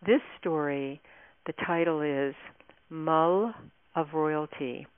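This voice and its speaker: A woman's voice: sits low, takes it slowly, clear, resonant tone, no echo. A woman guest on a radio interview, telling stories about her book in a chatty, meandering way. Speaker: author and guest. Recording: tinny phone line.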